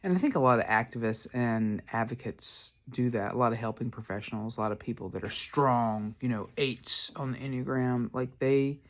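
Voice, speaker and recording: A man's voice: mid-range voice, moderate pace, hardly any pauses. A man, hosting a podcast and telling a personal story candidly, full of "like" fillers. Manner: candid, rambling, lots of "like" fillers. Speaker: podcast host.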